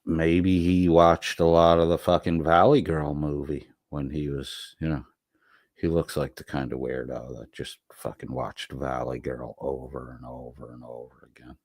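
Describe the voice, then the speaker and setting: In a very deep, slightly mellow voice with no echo, a middle-aged livestream host rambles through an unscripted monologue and casual chat. He reads chat messages aloud, profane and sardonic.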